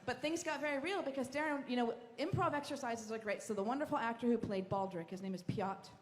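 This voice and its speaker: A woman moderating a live convention panel, effusive and quick, often restarting her sentences. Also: fairly high pitch. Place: large convention hall stage. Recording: reverberant hall with crowd ambience.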